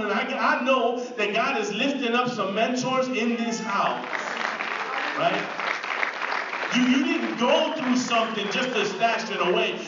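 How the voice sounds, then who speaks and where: A man's voice: extremely high pitch, a bit bright. A man preaching a sermon, telling his own story in a conversational way and building to fervent praise. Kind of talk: sermon testimony. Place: church sanctuary. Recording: echoey hall from far off, muffled.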